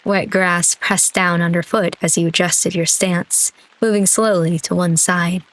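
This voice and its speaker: A woman streamer narrating a story game out loud in a lowish, relaxed voice. She reads the prose steadily and breaks off for playful, chatty comments of her own. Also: unhurried, dry recording, low-quality recording. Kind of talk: reading a story game aloud.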